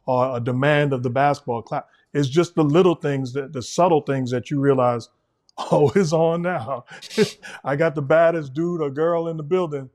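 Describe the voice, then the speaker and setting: A man hosting a casual podcast interview, building his points through repeated phrases and laughing along. His voice sits a little high for a man. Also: steady tone, moderate pace, a little mellow. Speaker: podcast host.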